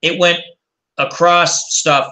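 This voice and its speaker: A man's voice: on the high side, steady tone, takes it slowly, sharp tone. A man hosting a casual chat and telling rambling, anecdotal stories. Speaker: host.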